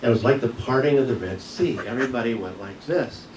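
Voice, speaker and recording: A man who teaches yoga, giving a church message as a personal story, told with pauses and soft laughs. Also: mid-range voice, a little hiss or hum. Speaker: guest speaker, yoga teacher. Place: church sanctuary. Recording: echoey hall, mic from a distance.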